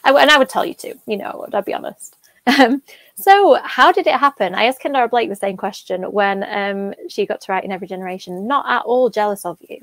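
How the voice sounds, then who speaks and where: A woman's voice: medium pitch, quick pace, fairly bright tone, dry recording. A woman interviewing an author, enthusiastic and giggly. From England. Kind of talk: casual interview chat.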